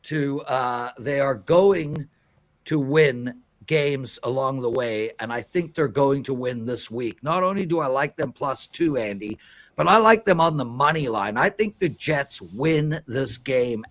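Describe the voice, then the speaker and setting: A man's voice: medium pitch, a little slow, a bit bright. A man giving emphatic, preachy sports betting picks on a live show.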